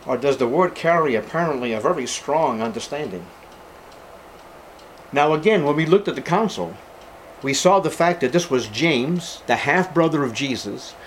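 A man's voice: medium pitch, slight background noise. A man preaching a sermon to his congregation as pastor, emphatic, repeating key words and calling his listeners beloved. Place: church service with congregation.

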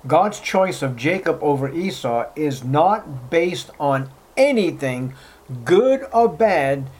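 Man, preacher, emphatic sermon delivery, rhetorical questions, frequent throat clearing. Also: fairly high pitch, big pitch swings, takes it slowly, a little mellow. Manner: addresses listeners as beloved, clears throat often. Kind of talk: expository sermon.

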